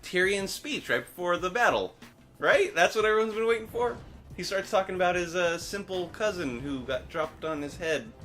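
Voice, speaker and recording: A young man co-hosting a casual podcast, animated and analytical as he argues points about a TV episode, laughing easily. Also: high-pitched, normal speed, faint music behind. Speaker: podcast co-host. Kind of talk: casual chat recapping a TV episode.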